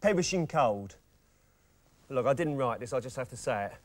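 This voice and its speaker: A man playing a smooth-talking salesman with deadpan asides in a sitcom. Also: mid-range voice, moderate pace, natural voice. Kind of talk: sitcom comedy acting.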